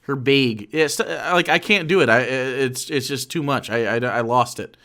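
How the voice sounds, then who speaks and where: A man's voice: mid-range voice, moderate pace, pushed and bright. A man from Michigan reacting to a speech clip on a stream, with jokey, rambling asides. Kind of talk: casual reaction commentary.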